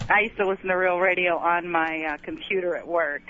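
A woman's voice: lowish voice, fairly even intonation, a little fast, a bit bright. A woman calling in to a talk radio show, sounding friendly and upbeat. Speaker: caller. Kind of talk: phone-in call. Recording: lo-fi radio broadcast with faint noise.

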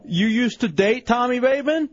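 Guy hosting a radio comedy bit, lively high voice, teasing, bit muffled. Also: dry recording. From Chicano, US. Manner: quick, teasing, laughs easily. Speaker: radio show host.

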